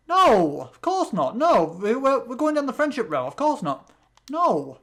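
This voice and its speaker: A British let's play host talks through a game in casual commentary. The speech rambles and restarts often, in a middle-pitched voice. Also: big pitch swings, a little slow, a bit bright, slight background noise. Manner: rambling, with many restarts and fillers. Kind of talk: gameplay commentary.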